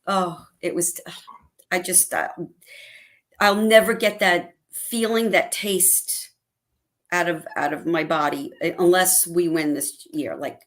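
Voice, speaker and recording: A middle-aged woman chatting casually on a video call, telling animated stories and acting out her family's lines. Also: on the low side, slow pace. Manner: animated storytelling, acts out family quotes. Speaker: guest fan. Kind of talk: casual livestream chat.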